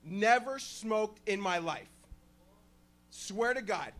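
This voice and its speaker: A stand-up comedian in his thirties opening his set with loud, hyped crowd-pumping on a club stage. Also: sits high, sing-song, slow pace, pauses often. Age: 30s.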